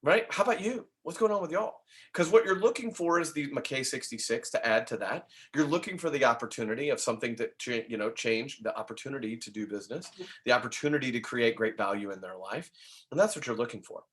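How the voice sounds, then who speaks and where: Energetic man coaching a sales team. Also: medium pitch. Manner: energetic, acts out dialogue in quick asides; frequent tag questions and quick laughs. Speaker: real estate coach and trainer. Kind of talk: motivational sales training talk.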